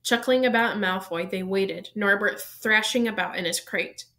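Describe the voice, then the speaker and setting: A woman reading a novel aloud in an even storytelling manner, now and then correcting a slip. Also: medium pitch, normal speed. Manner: even storytelling pace, small self-corrections. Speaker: reader.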